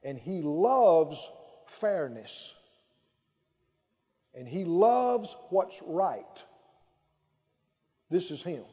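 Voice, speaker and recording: Emphatic preacher in a reverberant hall. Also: male voice, on the high side, big pitch swings, mellow. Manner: emphatic, drawn-out phrases with call-and-response. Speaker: pastor. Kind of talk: sermon. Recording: dull, lo-fi sound with long hall reverb.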